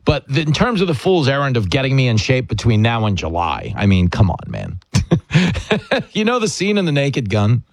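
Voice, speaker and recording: A man's voice: mid-range voice, normal speed, dry recording, studio quality. A man hosting a radio talk show, joking and telling stories about himself. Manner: joking, self-mocking, animated storytelling. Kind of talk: casual radio chat.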